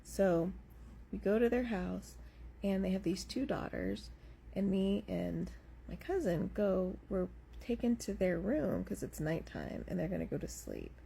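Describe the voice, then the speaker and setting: A woman casually telling a personal scary story just before bed, in a relaxed, conversational way. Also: medium pitch, a little slow, creaky, slight background noise.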